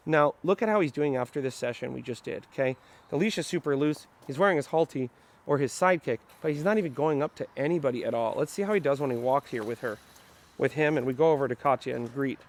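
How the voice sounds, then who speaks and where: A man's voice: medium pitch, a little fast. A man working as a dog trainer, explaining a training session in an upbeat, explanatory way and talking to the dog as he goes. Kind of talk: instructional training vlog.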